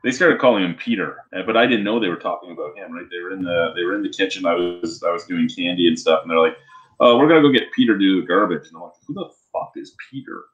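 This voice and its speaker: A man's voice: sits low, fast talker, highs cut off. A man co-hosting a podcast, telling rambling stories with lots of swearing and restarts in casual chat. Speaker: podcast co-host.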